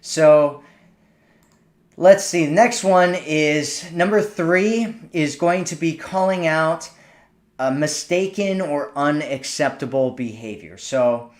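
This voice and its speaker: A man's voice: on the high side, slow. A man working as a dating coach, giving casual advice in a conversational way, with frequent restarts and playfully acted example lines. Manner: conversational, repeats himself, acts out sample lines.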